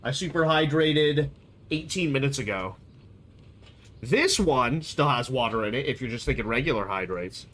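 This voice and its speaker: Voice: medium pitch, animated, moderate pace, a bit bright. A young adult streamer chatting casually on a live stream, in a rambling, playful way. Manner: rambling, playful, jumps between topics.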